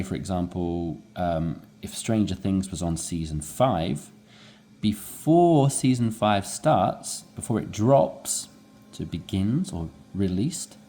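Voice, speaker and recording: Lively low-voiced male English teacher. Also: takes it slowly, slight background noise. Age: adult with young children. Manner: animated, demonstrates rising inflection. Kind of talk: explaining a textbook dialogue.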